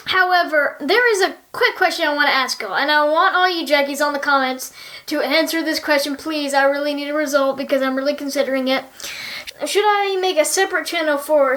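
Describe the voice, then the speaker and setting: A young woman with a high, light voice chats straight to her channel's viewers. She is bubbly and talkative but earnest when she asks for their input. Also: fairly bright tone. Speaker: YouTuber. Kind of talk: casual chat to viewers.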